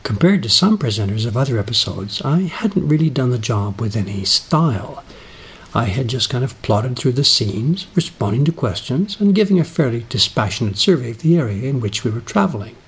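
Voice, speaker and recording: A middle-aged man reading a personal essay aloud in a dry, self-deprecating, unhurried manner. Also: medium pitch, big pitch swings, breathy edge. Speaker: narrator. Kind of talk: scripted personal essay narration.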